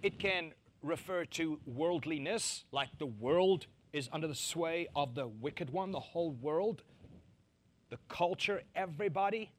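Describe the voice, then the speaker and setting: A man preaching a sermon, animated, acting out quoted voices to mock them and laughing between his points. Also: a little high, unhurried, slight background noise. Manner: animated, acts out mocking quotes.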